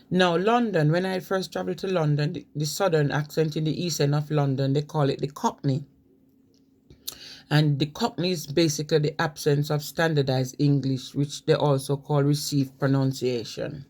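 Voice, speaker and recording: A woman's voice: low voice, moderate pace, darkish tone. A woman talks casually about how people speak in different places. She spells words out letter by letter and slips into imitations of the local pronunciations. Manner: spells words out letter by letter and mimics regional accents. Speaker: vlogger. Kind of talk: casual explainer on accents.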